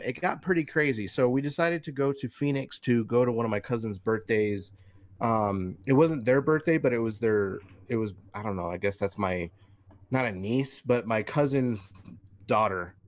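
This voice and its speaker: A young man in mid pitch chats on a gaming podcast, winding through a story with plenty of swearing. His voice sits close and dry, with no room sound around it. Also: no echo. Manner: rambling, profane storytelling. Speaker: podcast co-host. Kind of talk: casual chat.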